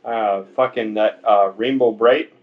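A man's voice: fairly low pitch, steady tone, unhurried. A man co-hosting a podcast in crude, joking casual banter, swearing freely. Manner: profane, joking, acts out voices in quotes. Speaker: podcast co-host. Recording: dull lo-fi sound.

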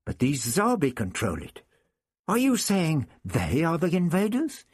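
An eager young man who keeps pressing with questions, played by a male reader. The voice is lifted a little above the narration, husky and dry. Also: on the high side, wildly swooping pitch, a little slow, no room sound, voice pushed up, exaggerated voice.

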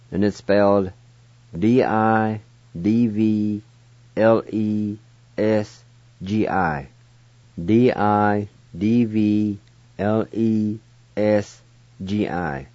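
Man, language teacher, spelling letters one by one, very slow, dry close sound, dull lo-fi radio audio. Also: lowish voice, darkish tone, no room sound.

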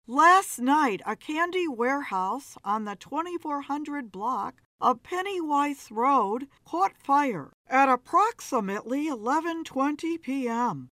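A woman's voice: high voice, expressive, takes it slowly, few pauses, bright, forceful tone, no echo, clean studio sound, pitched above the performer's own voice, heavily acted. A woman voicing a female TV news reporter with a lisp, in an announcing delivery.

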